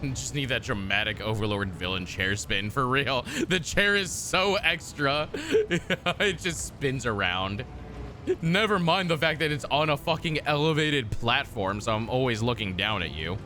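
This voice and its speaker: A man's voice: medium pitch, expressive, unhurried, pushed and bright, slight background noise. A man streaming a game, reading its text aloud and joking with chat in a casual, profane, mock-exasperated way from his desk.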